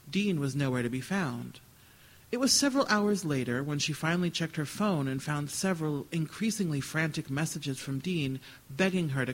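An author reads his literary fiction at a live event, delivering the story with dry wryness. The audio quality is poor, and his voice is on the high side for a man.

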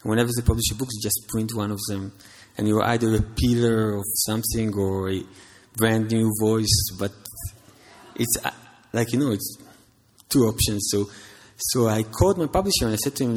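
Israeli author reading then rambling a bit, lots of uh, husky-ish voice, hall echo. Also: male voice, on the low side, fairly even intonation, fairly quick. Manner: hesitant, chatty, self-deprecating. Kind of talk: public reading and talk. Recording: reverberant hall.

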